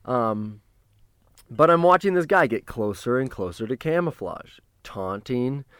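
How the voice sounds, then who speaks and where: A man's voice: medium pitch, animated, clear, resonant tone, no echo. Man telling a profane story, dry sound. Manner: profane, halting, with restarts and sudden loud bursts. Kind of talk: casual personal storytelling.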